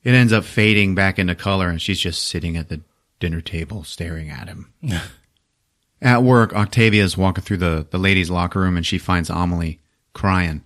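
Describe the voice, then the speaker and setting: A man's voice: sits low, normal speed. A man hosting a podcast, recapping a movie casually with lots of swearing and 'like'. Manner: animated, profane, full of 'like'. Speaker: podcast host.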